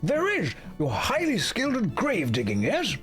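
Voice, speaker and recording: A scheming mad doctor, as a streamer puts him on, drawing out each line slowly and theatrically. The voice sits high and swoops up and down as he plots. Soft music plays behind him. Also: huge pitch swings, exaggerated voice. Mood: sly questioning. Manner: slow, theatrical, villainous delivery. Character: eccentric mad scientist doctor, older man.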